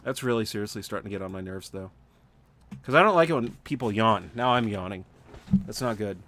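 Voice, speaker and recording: On a livestream, a sleepy man who keeps yawning talks casually through his gameplay in a fairly low, brisk, fairly bright voice. He thinks aloud with plenty of fillers and restarts, and there's slight background noise.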